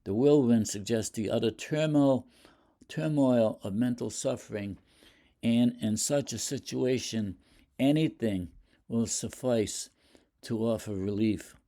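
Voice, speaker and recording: A man lecturing on poetry, talking deliberately, with fillers and restarts. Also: medium pitch, dark tone. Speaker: literature lecturer. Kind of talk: explaining poetry.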